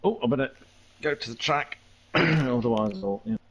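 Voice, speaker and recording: A man's voice: medium pitch, normal speed, lo-fi sound, crowd noise. A man chatting and joking casually while hosting an online race stream. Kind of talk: casual chat during online racing.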